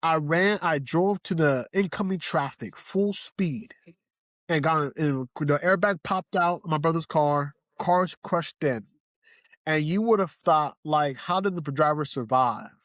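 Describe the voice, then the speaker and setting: A young man from Haiti speaks as a podcast guest. His voice sits a little high and is recorded close and dry. He tells his story earnestly and repeats phrases for emphasis. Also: unhurried, a bit bright, no echo. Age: young adult. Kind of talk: emotional personal testimony.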